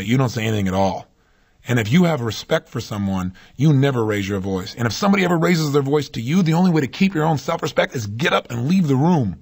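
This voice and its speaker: Fast-talking husky motivational speaker man. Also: a little high, a little mellow. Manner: emphatic, asks the listener rhetorical questions. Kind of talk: motivational talk.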